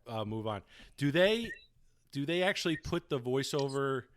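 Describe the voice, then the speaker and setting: A man hosting a podcast, asking a guest questions in a relaxed, halting way with lots of fillers. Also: medium pitch, no room sound. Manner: relaxed, hesitant, many fillers. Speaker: podcast host. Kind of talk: casual podcast chat.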